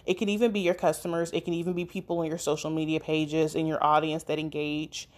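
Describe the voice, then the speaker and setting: A woman's voice: deep voice, flat delivery, fast, a little mellow. A woman giving practical, direct advice on running a business website, with occasional fillers. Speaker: business coach. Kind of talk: instructional talk.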